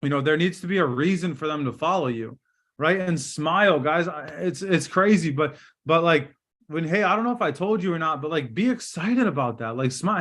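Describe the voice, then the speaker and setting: A middle-aged man leads a sales training over a video call, his voice sitting a little high for a man. He talks fast and direct, pushing energy and acting out sample phone lines, and his sound comes through a computer mic in a hotel room. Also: animated, a bit bright. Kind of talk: live online training session.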